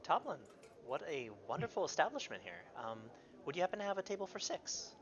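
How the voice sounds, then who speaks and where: Polite male player, lively tone, dull lo-fi recording. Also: high voice. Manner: polite, measured. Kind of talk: in-character tabletop role-play. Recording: dull lo-fi mic.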